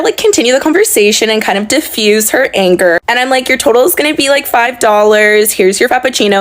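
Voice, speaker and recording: A woman telling a story about work to the camera in a casual, animated and sarcastic way, swearing freely. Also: on the high side. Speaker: service worker.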